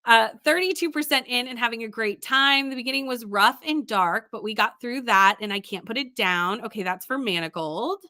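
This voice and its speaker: A bubbly woman chats through a casual livestream, reading viewer comments aloud and greeting people by name. Her voice is bright and sits a little high. She sounds tired, yet laughs easily. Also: moderate pace, few pauses. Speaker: livestream host.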